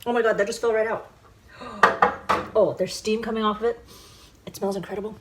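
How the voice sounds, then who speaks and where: A woman hosting a casual cooking show from her home kitchen, talking chattily and excitably to viewers as she works through each step. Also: mid-range voice, fast talker. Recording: background noise and clicks.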